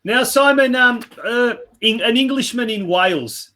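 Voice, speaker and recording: High-voiced man asking rambling questions. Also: a little slow, pushed and bright. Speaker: podcast co-host. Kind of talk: casual podcast interview.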